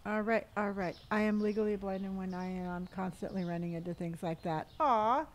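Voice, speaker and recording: A woman's voice: medium pitch, steady tone, brisk, a little hiss or hum. A woman streaming a game live, chatting casually, thanking viewers for gifts, answering chat questions, and humming or counting money under her breath as she plays.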